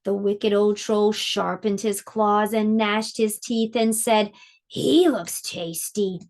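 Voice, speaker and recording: A woman's voice: medium pitch, completely flat delivery, darkish tone. A woman teaching a preschool lesson online, explaining a science activity and reading a storybook aloud to small children. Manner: sing-song and slow, explaining to small children.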